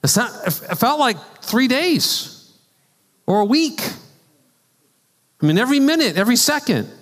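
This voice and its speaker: Animated male pastor in a reverberant church. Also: very high voice, measured pace. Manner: animated storytelling with asides and laughs. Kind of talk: conversational sermon. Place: church sanctuary. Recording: long church hall reverb.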